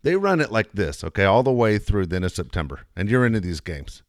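A man co-hosting sports radio, quick and chatty, egging his partner on. His voice is fairly low but lively, and the sound is dry and close, with no room in it. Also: no room sound. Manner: quick, agreeable sidekick who eggs the host on. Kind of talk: casual sports talk radio banter. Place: radio studio.

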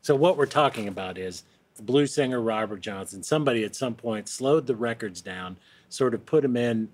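A man hosting a casual interview, halting and searching for words as he asks questions. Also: mid-range voice, a little mellow.

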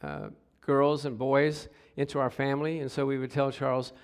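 A middle-aged man preaching a sermon, telling stories with hushed asides and sudden loud exclamations, and calling out for responses from the congregation. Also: mid-range voice, normal speed, clean tone. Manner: animated storytelling, swings from hushed to loud exclamations. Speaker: pastor.

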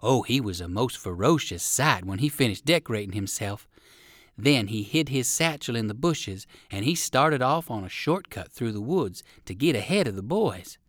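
A man's voice: mid-range voice, lively intonation, normal speed, no echo, studio quality. Man reading a storybook aloud. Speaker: reader. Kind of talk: storybook narration.

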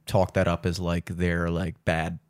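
A man's voice: low-pitched, monotone, unhurried. A man co-hosting a podcast in casual chat, reacting with wry asides. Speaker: podcast co-host.

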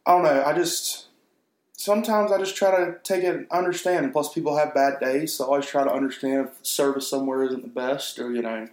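A man's voice: mid-range voice, steady tone, a little fast. A man in his twenties chatting casually, easygoing and thoughtful, hedging with fillers. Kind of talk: casual chat. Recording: echoey room.

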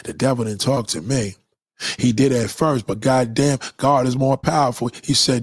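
A man streaming a casual, profane monologue, preachy and animated as he lectures his viewers. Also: mid-range voice, moderate pace, slightly rough, dry recording, clean studio sound. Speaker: live streamer.

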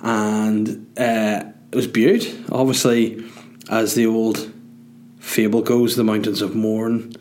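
A man's voice: fairly low pitch, little pitch movement, slow, a little mellow. A Northern Irish man in his thirties hosting a solo podcast from home, rambling and self-mocking with sweary humor. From Northern Ireland. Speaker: podcast host. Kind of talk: solo casual podcast monologue. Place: dining room at home.

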